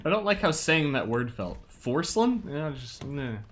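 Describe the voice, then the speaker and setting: Excitable young man streaming a game. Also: medium pitch, normal speed. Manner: chatty, excitable, laughs often. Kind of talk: casual gameplay commentary.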